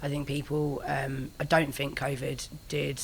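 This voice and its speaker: A woman in a band, chatting casually in an interview with a husky, phlegmy voice, swearing freely and joking. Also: rumbling low, flat delivery, measured pace, slight background noise. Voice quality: husky, gravelly. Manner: swears freely, jokey, trails off into soft asides. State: phlegmy throat. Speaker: band member.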